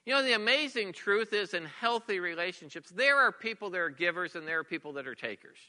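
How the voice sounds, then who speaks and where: Middle-aged man, pastor giving a sermon, high voice, earnest and repetitive, long hall reverb. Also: expressive, a little fast, pushed and bright. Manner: earnest, repeats words, drops to a near whisper for emphasis.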